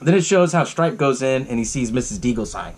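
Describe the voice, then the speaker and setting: A man's voice: medium pitch, expressive, brisk, slight background noise. A man hosting a podcast, casually recapping a movie, swearing often and laughing along. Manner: profane and laughing, lots of fillers. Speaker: podcast host.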